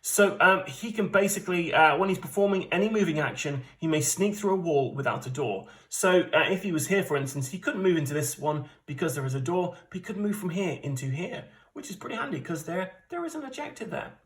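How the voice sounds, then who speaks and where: A man's voice: a little high, animated, brisk, hardly any pauses. A man from the UK hosting a casual solo board game playthrough, chatty, rambling and self-deprecating as he explains the setup. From United Kingdom. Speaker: board game channel host.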